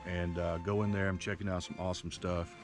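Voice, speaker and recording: A man's voice: low-pitched, flat delivery, a little fast, over music. A man chatting casually in a show-and-tell vlog, a rambling, jokey storyteller full of playful asides. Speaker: slingshot reviewer. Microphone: action camera.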